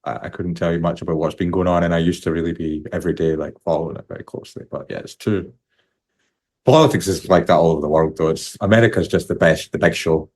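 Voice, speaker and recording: Deep-voiced British podcast host, rambling. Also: male voice, fairly even intonation, fast talker. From United Kingdom. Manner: rambling, self-interrupting, chuckles often. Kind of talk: casual interview chat.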